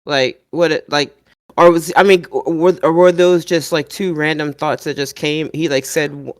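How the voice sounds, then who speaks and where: A man's voice: fairly high pitch, fairly even intonation, normal speed, dry recording, studio quality. A man co-hosting a wrestling podcast, joking around and rambling in disbelief. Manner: jokey, incredulous, rambling. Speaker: podcast co-host. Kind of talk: casual podcast chat.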